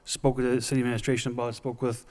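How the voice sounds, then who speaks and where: Councilman pitching a plan, plain talk, ums, echo of a big hall. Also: flat delivery, racing, darkish tone. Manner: businesslike, filler-heavy, plain talk. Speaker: public safety subcommittee chairman. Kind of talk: council presentation. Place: council chamber.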